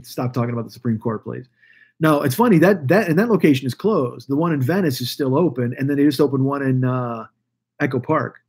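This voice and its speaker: A man's voice: mid-range voice, a little mellow, breathy edge. A man in his forties rambling through a profane solo podcast rant, full of restarts and asides. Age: 40s. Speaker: podcast host. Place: Los Angeles.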